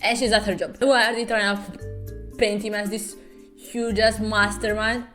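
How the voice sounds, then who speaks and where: A young woman talks through a webtoon recap in a sarcastic, foul-mouthed way. She swings between mocking asides and exaggerated dramatic readings. Faint music plays softly behind her. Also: medium pitch, level tone, moderate pace. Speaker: webtoon commentary host. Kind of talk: comedic recap and commentary.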